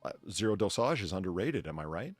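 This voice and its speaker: A man's voice: sits low, very animated, quick pace, husky, dry recording, faint music behind. A man in casual stream chat, opinionated, reading news bits aloud and laughing often.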